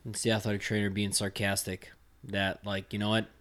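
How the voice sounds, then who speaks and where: Low-voiced man in casual chat. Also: a little fast. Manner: relaxed, laughs often, restarts sentences. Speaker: podcast co-host.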